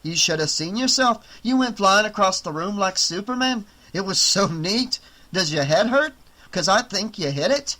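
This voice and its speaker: A man reading an audiobook, voicing an excitable teenage boy who talks in easy, gushing slang. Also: sits high, moderate pace, voice pushed up. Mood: excited. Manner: laid-back, gushing slang. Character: excitable slacker teen boy.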